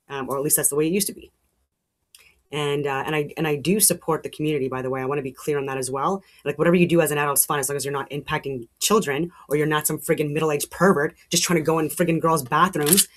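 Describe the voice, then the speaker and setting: Fast-talking heated woman. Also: deep voice. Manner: heated, rambling, swears, many restarts. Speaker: show host. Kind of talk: casual monologue.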